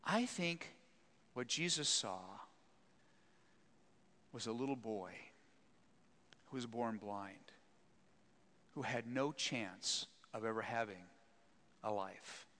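A man preaching a sermon who retells a Bible story and acts out its people with lively energy. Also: medium pitch, slow, long pauses, big-room sound. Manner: animated, acts out voices.

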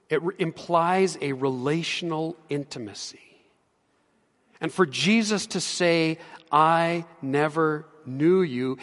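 A pastor preaching a sermon in an earnest way, building to emphatic peaks. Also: male voice, a little high. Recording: long hall reverb.

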